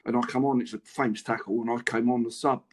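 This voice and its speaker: A man's voice: mid-range voice, fairly even intonation, fast talker. A middle-aged English man, a former footballer, telling stories chattily and laughing through his anecdotes in a podcast interview. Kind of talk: casual storytelling interview.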